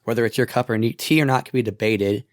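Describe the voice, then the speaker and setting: A man with a raspy voice hosting a podcast in casual chat, laid-back and chatty. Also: mid-range voice, quick pace, no room sound, studio quality. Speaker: podcast host.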